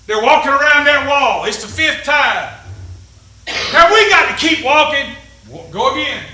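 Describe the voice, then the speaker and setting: A man's voice: very high voice, pushed and bright, reverberant, poor audio. A man, preaching a fervent sermon with call-and-response in a church. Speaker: pastor. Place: church sanctuary.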